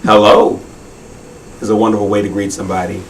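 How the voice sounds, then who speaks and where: A man's voice: mid-range voice, expressive, a little slow, far from the mic, slight background noise, poor audio. A man hosting a children's magic show, talking viewers through his tricks in a friendly, instructive way.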